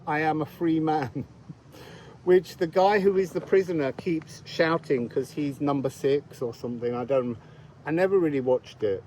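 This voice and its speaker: A man's voice: a little high, darkish tone, slight background noise, low-quality recording. A man giving a casual, meandering astrology and card reading outdoors, thinking aloud as he goes.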